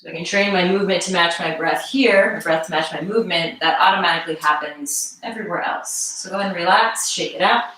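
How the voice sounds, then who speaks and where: A woman leading a live mobility class, calmly guiding movements and breath cues. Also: on the low side, quick pace, hardly any pauses. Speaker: mobility instructor. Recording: echoey room, mic far off.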